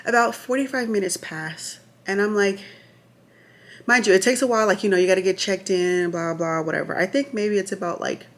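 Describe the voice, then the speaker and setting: A woman vlogger telling the story of her labor in a chatty, animated way, full of asides and restarts, sometimes checking her notes. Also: mid-range voice, brisk. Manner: reads from notes at times. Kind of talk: casual storytelling to camera.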